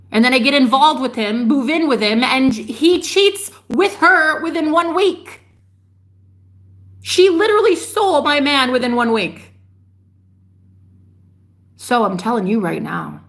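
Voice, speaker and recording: A woman delivering a fiery, preachy monologue straight to her viewers, swearing freely and scolding them, with sharp jumps in pitch on her outbursts. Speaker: spiritual vlogger. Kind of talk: ranting monologue to camera.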